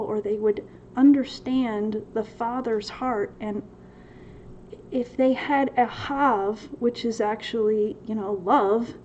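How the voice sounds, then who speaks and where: A woman's voice: fairly high pitch, warm tone. A woman hosting a faith-based livestream Q&A, reading viewers' questions from the chat and answering them with frequent laughter. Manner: laughs often, reads chat questions aloud. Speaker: host of a Bible study Q&A. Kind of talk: livestream Q&A teaching. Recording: slightly dull sound with faint noise.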